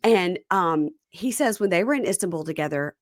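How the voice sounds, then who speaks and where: A woman with a fairly low voice chats casually as a podcast host, recapping a show and slipping into quick impressions of the people she quotes. The sound is dry and close, with little room around it. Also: animated, dry recording. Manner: chatty recapper, mimics cast members in quotes. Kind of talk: casual chat.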